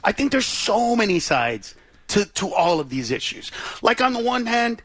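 A man's voice sits high for a male speaker and comes across dry and close, with no room around it. He is a comedian guest telling stories in a casual interview. He talks animatedly and fast, full of quick restarts. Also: big pitch swings, a bit bright, no room sound.

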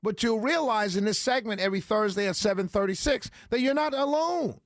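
A man's voice: high-pitched, brisk, dry recording. A man hosting a talk radio show, talking in an emphatic, rambling way straight to his listeners on a studio mic. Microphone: studio broadcast mic.

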